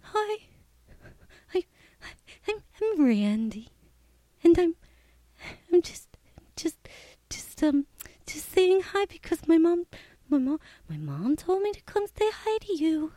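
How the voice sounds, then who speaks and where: A woman's voice: very high voice, big pitch swings, takes it slowly, long pauses, warm tone, dry recording, exaggerated voice. A woman voicing a timid little boy who stammers and repeats his words. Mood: shy.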